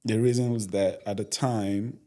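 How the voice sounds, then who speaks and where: A man's voice: lowish voice, steady tone, normal speed, mellow. A young man, a podcast guest telling his story earnestly, often adding "you know". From Nigeria. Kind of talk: casual interview storytelling.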